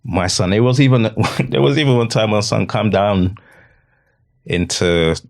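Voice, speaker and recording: A middle-aged man telling a personal story in an earnest, halting way, often repeating himself. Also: on the low side, creaky. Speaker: podcast guest.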